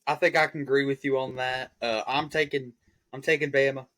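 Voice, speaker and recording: A man hosting a casual sports podcast, excitable and prodding his co-hosts for their picks. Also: medium pitch, fairly quick. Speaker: podcast host.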